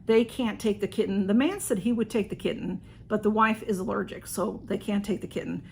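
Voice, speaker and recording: A woman telling a story in a casual, excited way, with many restarts and fillers. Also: mid-range voice, fairly quick, creaky, a little hiss or hum. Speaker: channel host.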